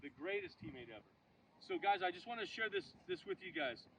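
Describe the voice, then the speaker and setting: Man in his forties, high-pitched, giving an animated motivational talk to young players; distant outdoor recording with noise. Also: a little fast, creaky. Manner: animated storyteller, asks the kids questions, shouts quoted chants. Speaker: former pro baseball player speaking to a youth team.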